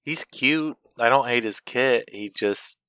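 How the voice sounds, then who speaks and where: Man, podcast co-host, casual chat, easygoing, bright tone, dry sound. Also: mid-range voice, takes it slowly, clean tone, no echo. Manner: easygoing, short agreeing replies.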